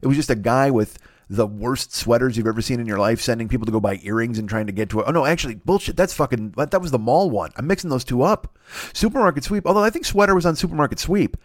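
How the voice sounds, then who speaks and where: A man's voice: mid-range voice, animated, fast talker, no echo, clean studio sound. A man hosting a comedy podcast, ranting in a rambling, profane way with many restarts and sudden jumps in energy. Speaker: podcast host.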